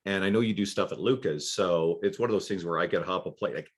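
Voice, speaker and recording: A man hosting a podcast, chatting casually and quickly, with offhand swearing. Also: sits low. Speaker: podcast host.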